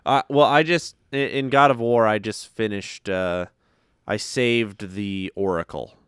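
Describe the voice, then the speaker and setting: A man's voice: fairly low pitch, a little slow, a bit bright, clean tone, dry recording, clean studio sound. A man co-hosting a casual gaming podcast, laid-back and joking, swearing freely. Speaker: podcast co-host. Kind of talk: casual chat.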